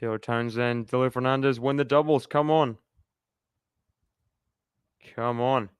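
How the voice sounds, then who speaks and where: A man's voice: medium pitch, fairly even intonation, a little slow, clear, resonant tone, no echo, clean studio sound. Chatty man calling tennis live. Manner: chatty, reacts aloud and laughs often. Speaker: live stream host. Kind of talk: casual live play-by-play commentary.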